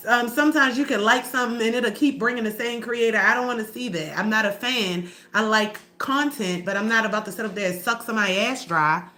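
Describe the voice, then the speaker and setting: A woman's voice: a little high, fairly quick, hardly any pauses, sharp tone. A middle-aged woman livestreaming to her viewers, talking candidly and emotionally in a rambling, slangy, profane way. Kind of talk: casual livestream talk to viewers.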